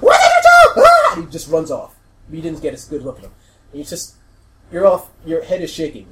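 Game master, male: animated, quick to laugh and rephrase, narrating at the table. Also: on the high side, very noisy.

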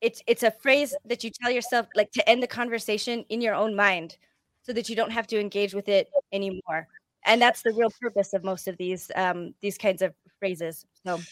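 A woman's voice: medium pitch, steady tone, normal speed, no echo. Candid woman in a dry, close recording. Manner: candid, reflective, searching for words. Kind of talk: casual podcast discussion.

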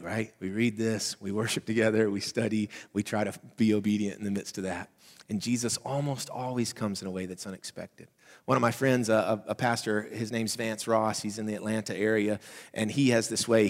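A man with a Southern accent, a pastor giving a conversational sermon, swinging between loud emphatic lines and soft hushed asides. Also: fairly low pitch. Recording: reverberant hall.

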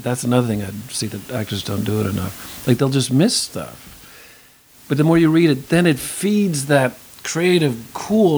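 A man's voice: fairly high pitch, a little mellow, low-quality recording. Middle-aged man talking shop, rambling. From United States. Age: 50s. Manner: rambling, with many restarts and asides. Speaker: actor guest. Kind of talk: casual interview talk.

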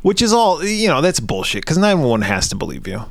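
Man in his thirties, podcast co-host, crude rambling banter, lively swinging pitch, dry close sound. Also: a little fast, creaky, dry recording. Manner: profane, laughing, rambling storyteller. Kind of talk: crude casual movie-recap banter.

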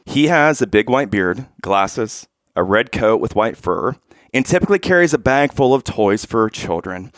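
A man's voice: on the low side, expressive, normal speed, dry recording, clean studio sound. A man hosting a podcast, giving upbeat introductions and asking interview questions. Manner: upbeat, scripted-sounding introductions. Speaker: podcast co-host.

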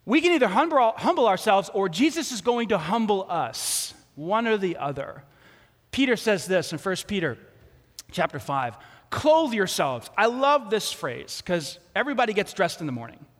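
A man preaching a sermon as pastor, telling a story with lively acted-out quotes. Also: sits high, moderate pace, big-room sound.

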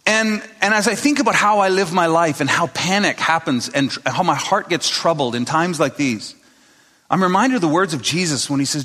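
A man's voice: on the high side, normal speed, bright, forceful tone. Pastor guy preaching a sermon, chatty storyteller, big echoey church hall. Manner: conversational storytelling, acting out quotes. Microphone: speaking to a live congregation. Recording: long reverb of a large hall.

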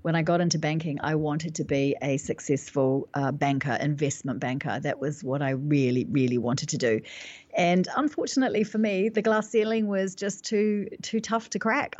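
A woman's voice: deep voice, dark tone, dry recording, dull audio. A New Zealand woman in her forties, a business consultant recounting her career in an interview, self-assured and reflective, with frequent fillers. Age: 40s. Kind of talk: interview storytelling.

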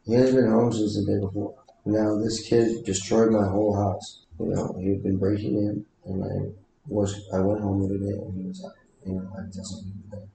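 A man's voice: fairly low pitch, little pitch movement, brisk, creaky, mellow, very echoey, slight background noise, poor audio. A man talking in a rambling, casual way, full of fillers and restarts. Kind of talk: casual conversation.

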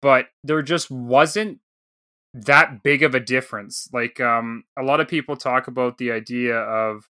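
A man's voice: medium pitch, unhurried, dry recording, clean studio sound. A man in his thirties, a podcast co-host, telling a casual story and acting out the dialogue. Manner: animated storyteller, acts out quoted dialogue.

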